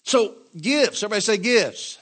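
A man's voice: high voice, lively intonation, moderate pace. A man preaching a sermon in a church, calling on the congregation to say amen and building to emphatic, repeated declarations. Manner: call-and-response preaching, asks congregation to say amen; repetitive, emphatic, rising to louder declarations.

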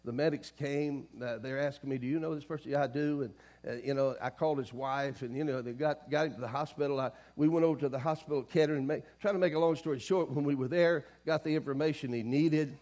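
Preaching man, loud and rising. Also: a little high, fairly even intonation, fast talker, hardly any pauses. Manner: call-and-response preaching, swings from soft storytelling to loud emphasis. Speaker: pastor. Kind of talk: sermon. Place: church sanctuary.

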